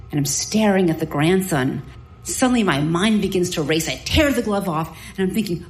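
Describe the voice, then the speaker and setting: Woman doctor spinning a funny self-mocking story, vivid and lively. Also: fairly low pitch, normal speed, echoey room, poor audio. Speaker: doctor telling a personal story. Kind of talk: live storytelling.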